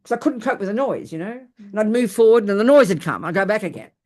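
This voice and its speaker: An older woman gives a Buddhist dharma talk, with her voice sitting at a middle pitch. She teaches through lively, self-mocking personal stories. She often breaks off and restarts her sentences as she goes. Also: quick pace.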